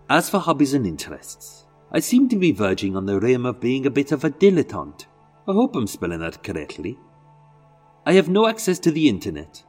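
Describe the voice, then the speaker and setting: A man's voice: mid-range voice, darkish tone, husky. A man putting on a Welsh accent to read out a letter in a mock-earnest, lilting way. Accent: put-on Welsh.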